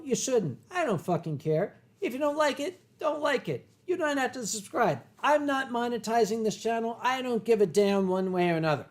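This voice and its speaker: Rambling, profane livestream host. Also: male voice, high voice. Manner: rambling and profane, reads chat aloud, frequent throat clearing. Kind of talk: casual livestream chat while drinking.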